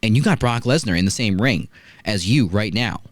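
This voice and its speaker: A man hosts a wrestling review show and talks with a lively, swinging pitch. His voice sounds dry and close to the mic, with very little room sound. He tells the action as a story and keeps checking in with rhetorical asides. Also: moderate pace, no room sound. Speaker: wrestling podcast host. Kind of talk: casual review chat.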